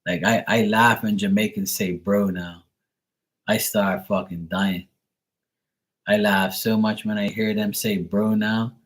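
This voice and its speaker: A man's voice: lowish voice, fairly even intonation, unhurried. A man chatting casually on a live stream, loose and profane, often laughing as he talks. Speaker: live tarot reader and streamer.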